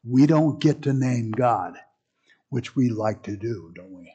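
A man's voice: medium pitch, lively intonation, measured pace, dark tone, slightly rough, highs cut off. A man teaching a Bible class in a conversational way, with frequent asides and restarts. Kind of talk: casual teaching talk.

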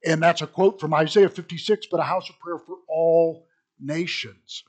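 Husky man preaching a conversational sermon. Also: on the high side, steady tone, normal speed. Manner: conversational, digressive, with restarts. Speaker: pastor.

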